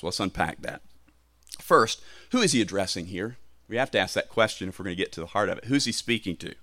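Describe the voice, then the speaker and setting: Male preacher, lower register, emphatic delivery, dry close sound. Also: a little fast, a bit bright, no echo. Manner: emphatic, swelling in pitch and volume on key phrases. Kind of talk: sermon.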